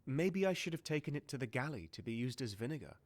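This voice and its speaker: An actor narrating a game as a reflective ship passenger recalling his voyage in a calm, wistful way. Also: medium pitch, fast talker, close to an everyday voice.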